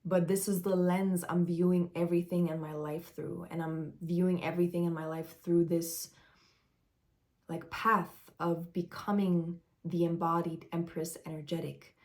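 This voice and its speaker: A woman spiritual coach giving an earnest, unedited stream-of-consciousness live talk, often pausing to search for words. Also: fairly low pitch, level tone, darkish tone.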